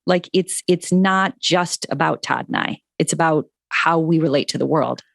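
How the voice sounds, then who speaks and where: A woman's voice: low voice, vocal fry, no room sound, studio quality. A middle-aged woman, a parenting author, talking casually as a podcast guest, full of "like" and "you know". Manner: chatty, frequent "like" and "you know", quick laughs. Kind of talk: casual conversational interview.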